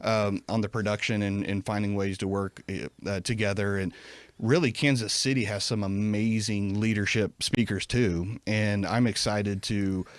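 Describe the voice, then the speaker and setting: A man's voice: lowish voice, steady tone, normal speed, no echo. A man talking as a podcast guest in casual chat, rambling with many fillers and restarts. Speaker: podcast guest, event company president.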